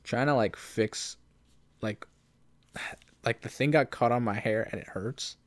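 A man's voice: mid-range voice, slow pace. A man co-hosting a casual podcast, teasing his partner, laughing often and trailing off mid-sentence. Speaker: podcast co-host. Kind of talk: casual banter.

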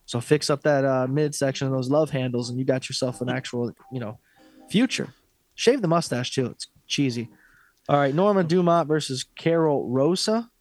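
A man's voice: mid-range voice, normal speed, a little mellow, no room sound. A man co-hosting a fight podcast, talking in a blunt, profane, opinionated way in casual sports chat. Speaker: podcast co-host.

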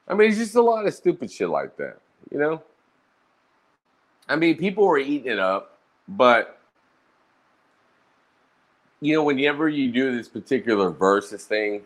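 Brash man, crude streamer storyteller, pitch swinging high and low. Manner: profane, animated, brash roasting talk. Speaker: streamer recounting roast battles. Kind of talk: casual storytelling monologue.

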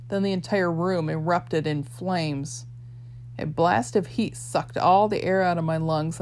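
Lowish woman reading a novel aloud. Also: a little hiss or hum. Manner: expressive, switching between a boy's and a girl's voices. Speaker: audiobook narrator. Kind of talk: scripted first-person narration.

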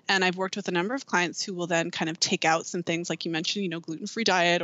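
A woman's voice: on the low side, fairly bright tone, no room sound. A woman explaining in earnest detail as a podcast guest, often restarting her sentences and leaning on fillers. The recording is dull and lo-fi, and her voice sits dry and close with no room around it. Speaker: fertility awareness educator, podcast guest. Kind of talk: explanatory interview answers.

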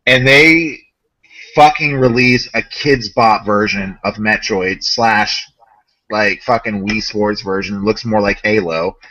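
A man co-hosting a casual gaming podcast, ranting in an animated, profane way. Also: fairly low pitch, slow pace, poor audio. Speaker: podcast co-host.

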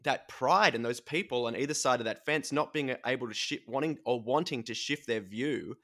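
Bright-voiced Australian man telling stories. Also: mid-range voice, normal speed. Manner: storytelling, animated. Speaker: podcast host. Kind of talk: casual chat.

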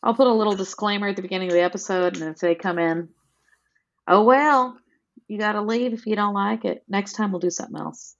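A woman's voice: medium pitch, brisk. A woman co-hosting a podcast over a video call, teasing and cracking dry jokes. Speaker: podcast co-host. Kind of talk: casual chat. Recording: dull lo-fi call audio.

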